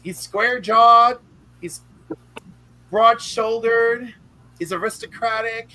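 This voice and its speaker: Bright-voiced playful woman. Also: on the high side, slow, dry recording, rough recording. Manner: playful, gushing. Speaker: panelist. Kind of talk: casual group chat.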